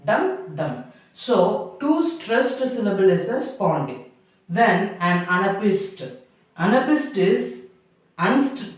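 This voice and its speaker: A man with a high voice teaches slowly, going over each point twice in simple, uneven grammar. The recording is heavily echoey, as if from a bare room. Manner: slow, repeats each point twice, non-native grammar. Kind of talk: classroom lecture. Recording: roomy echo, mic far off.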